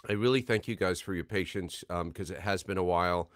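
A man's voice: sits low, brisk, dry recording, studio quality. A man hosting a signing livestream, talking in a rambling, chatty, self-deprecating way at a desk microphone. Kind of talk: casual livestream chat.

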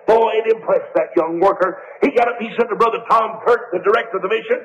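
A male evangelist, preaching a revival sermon full of stories and breaking into fervent shouts. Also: sits high, fast. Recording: dull old sermon tape in a reverberant hall.

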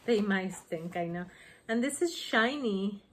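A woman chatting excitedly on her home craft vlog, gushing over gifts she received. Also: medium pitch, a little hiss or hum. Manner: gushing, excited, slow-paced. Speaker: craft vlogger. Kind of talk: casual vlog chat.

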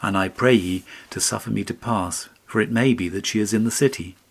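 A man's voice: lowish voice, a little fast, breathy edge. A man reading a weeping remorseful boy. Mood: pleading. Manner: pleading, sorrowful.

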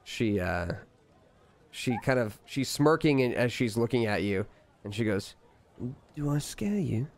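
A man narrating a tabletop game as game master, halting often with "uh" and "kinda". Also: fairly low pitch, lively intonation.

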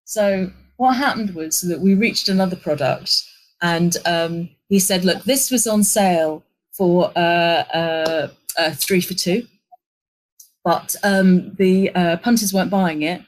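Woman, middle-aged, lowish voice, spins a story and does everyone's lines. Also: slow pace, low-quality recording. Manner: animated anecdote, acting out quoted lines. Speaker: interview guest, agency executive. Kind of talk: conversational storytelling.

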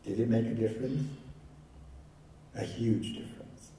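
A man with a mellow, lowish voice gives a keynote lecture, sharing anecdotes conversationally and with light humor at a steady, measured pace. The distant recording in an echoey hall carries a little hiss or hum.

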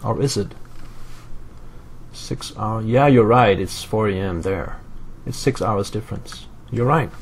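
A man's voice: on the low side, measured pace, gravelly, slight background noise. A man from Europe casually commenting on his gameplay, thinking aloud with fillers and answering live chat. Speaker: let's play host.

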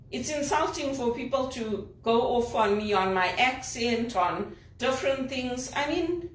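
Woman from Zimbabwe, executive assistant, venting emphatically; slightly high voice, picked up from across a room. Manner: indignant, emphatic complaining. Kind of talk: personal vlog monologue. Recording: roomy, distant from the mic.

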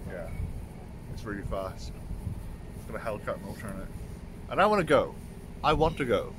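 Casual male vlogger, excitable, swears a lot, phone mic, noisy background. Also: fairly low pitch, normal speed. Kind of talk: casual vlog chat.

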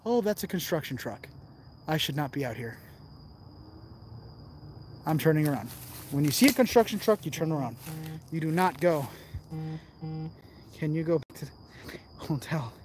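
A man's voice: fairly high pitch, animated, moderate pace, long pauses, noisy background. A man vlogging while he explores outdoors, joking around and talking straight to his viewers as he films on a handheld phone. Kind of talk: casual vlog commentary while exploring. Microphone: handheld phone camera.

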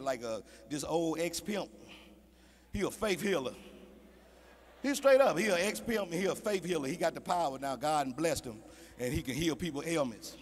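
High-voiced man doing stand-up. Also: slight background noise. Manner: conversational, addressing the audience directly. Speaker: stand-up comedian. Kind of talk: stand-up comedy set.

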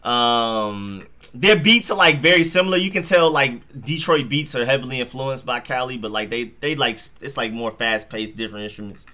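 A man's voice: mid-range voice, moderate pace, sharp tone. A young man hosting a live football stream, chatting casually in slang and reacting to plays and chat messages. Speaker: sports live-stream host.

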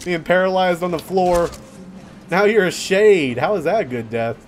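A young man hosting a let's play, giving casual gameplay commentary and getting easily excited, yelping and laughing at surprises. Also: high-pitched, normal speed, soft background music.

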